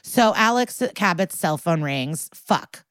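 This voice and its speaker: A woman co-hosting a podcast speaks at a slow pace in a fairly low, clean-toned voice, recorded without echo. Casually going over a TV episode, she gets animated and acts out what the characters say.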